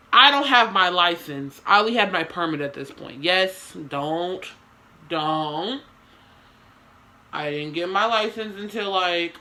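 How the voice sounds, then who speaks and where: A woman's voice: fairly low pitch, bright, forceful tone. A young woman telling a story to her camera in casual slang, with swearing and lots of dramatic asides.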